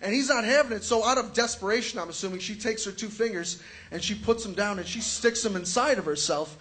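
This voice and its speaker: A man's voice: sits high, animated, brisk, sharp tone, slight background noise. A young man doing a stand-up comedy set, telling crude, profane stories and acting out quotes. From Chicago area.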